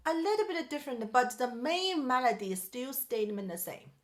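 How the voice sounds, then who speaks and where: A woman's voice: high-pitched, big pitch swings, brisk. A woman teaching a piano masterclass, singing melodies on syllables and questioning her student in simple English. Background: piano playing.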